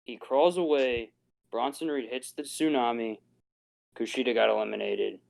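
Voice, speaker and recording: A man's voice: medium pitch, moderate pace, creaky, darkish tone, low-quality recording. A man on a podcast in casual chat, giving a rambling play-by-play recap. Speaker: podcast co-host.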